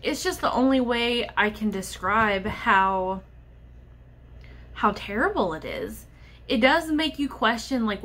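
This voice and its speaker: A woman's voice: on the high side, animated, takes it slowly, a bit bright. A young woman vlogger talking candidly and with frustration about a personal struggle, speaking straight to the camera. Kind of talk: personal vlog monologue.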